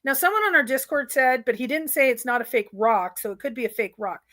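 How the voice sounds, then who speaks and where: Eager high-voiced woman co-host. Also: expressive, fast, fairly bright tone, no room sound. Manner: eager, analytical, quotes others animatedly. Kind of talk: casual chat.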